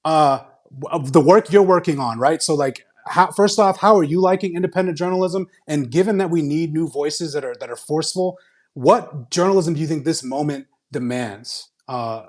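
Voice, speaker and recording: A man's voice: fairly high pitch, normal speed. A man hosting a live interview, speaking earnestly and urging listeners to speak out. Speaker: host. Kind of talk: conversational interview.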